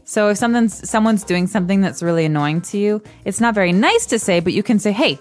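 A woman's voice: mid-range voice, lively intonation, fast, darkish tone, faint music behind. A woman co-hosting an English lesson podcast, explaining phrases in a friendly, casual way with everyday examples. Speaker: co-host and English teacher.

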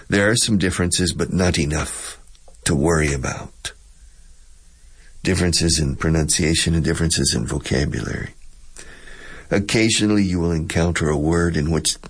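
A man's voice: sits low, vocal fry, slightly rough. A man teaching English on the radio, who explains pronunciation and repeats words to demonstrate them.

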